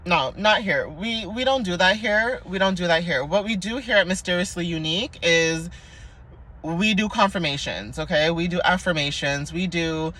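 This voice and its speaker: A woman's voice: lowish voice, normal speed, fairly bright tone. A young woman giving a casual spiritual card reading in a chatty, playful, sassy way, laughing often. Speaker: oracle card reader.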